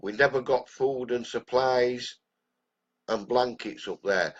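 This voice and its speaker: An older English man with a head cold, talking bluntly and angrily on a live stream. His voice is mid-pitched and a little congested, and the sound is dull and lo-fi, picked up by a phone or computer mic. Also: slow pace. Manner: angry, blunt, ranting. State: has a cold.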